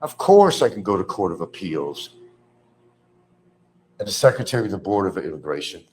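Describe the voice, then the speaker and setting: A middle-aged man ranting bitterly on a livestream, repeating himself, mocking others and swinging between low mutters and loud outbursts. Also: very animated, normal speed, long pauses. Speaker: livestream host. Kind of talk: rambling livestream rant.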